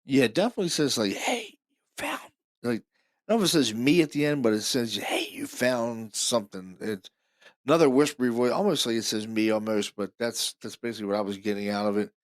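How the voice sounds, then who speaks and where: A man's voice: mid-range voice, fast talker, no room sound, clean studio sound. A man hosting a podcast, talking casually and eagerly about recorded evidence, repeating himself often. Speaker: podcast host.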